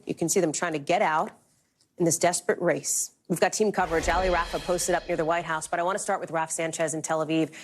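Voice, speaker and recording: A woman anchoring live cable news, moving through headlines with brisk, emphatic delivery. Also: on the low side.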